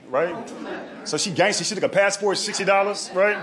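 Man, stand-up storyteller, conversational, slightly high pitch, live crowd audible. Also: expressive, fairly quick. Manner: conversational, keeps asking "right?". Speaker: comedian. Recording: live room with audience crowd. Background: audience laughter.

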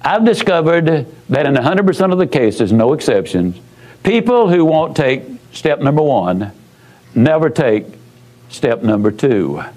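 High-voiced, emphatic motivational speaker man. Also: very animated, darkish tone, rough recording. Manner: folksy, emphatic, with dramatic pauses and repetition. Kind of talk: motivational storytelling speech.

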